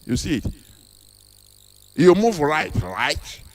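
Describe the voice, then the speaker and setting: Speaking slowly with big pitch swings and a voice on the high side, a man with a Nigerian accent gives a fervent activist monologue. He hammers home repeated rhetorical questions in a forceful, preachy delivery.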